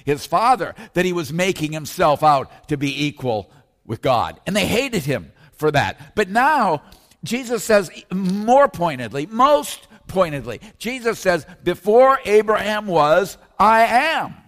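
A man preaching a sermon as pastor, slowing down and lifting his voice when he quotes scripture. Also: fairly high pitch, big pitch swings, a bit bright. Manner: emphatic preaching, slows and rises on scripture. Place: church sanctuary. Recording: long reverb of a church hall.

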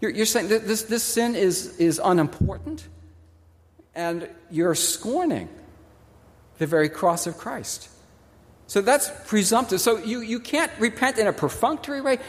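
A man preaching a sermon as pastor, expressive and emphatic, pausing on key words and acting out the voices he quotes. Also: high-pitched, long reverb tail.

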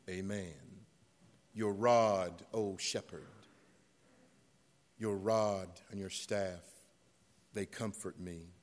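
A man from South Carolina, preaching a sermon as pastor, telling stories and building to loud, emphatic refrains. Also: lowish voice, in a large hall. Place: church sanctuary.

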